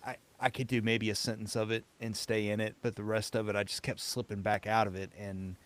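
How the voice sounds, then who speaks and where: Male actor, lower voice, faded Southern accent, relaxed storyteller. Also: fairly quick. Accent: light Southern US. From Southern US, Tennessee. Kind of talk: casual chat.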